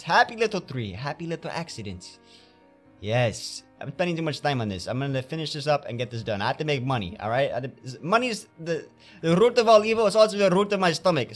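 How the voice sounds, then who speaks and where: A man's voice: medium pitch, expressive, fast talker. A man giving theatrical let's play commentary, talking to himself as he paints in a game, with faint game music behind him. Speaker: gamer playing a painting game.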